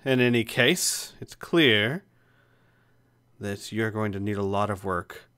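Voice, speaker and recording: A man's voice: lowish voice, slow pace, sharp tone, smooth, dry recording. A man voicing a strict, scornful female drill sergeant who barks clipped orders at a recruit in a tabletop game. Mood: stern.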